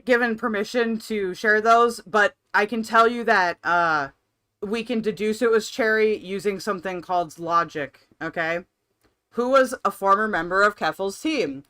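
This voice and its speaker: A woman's voice: medium pitch, fairly bright tone. A woman streamer reacting on a live stream, blunt, profane and sarcastic.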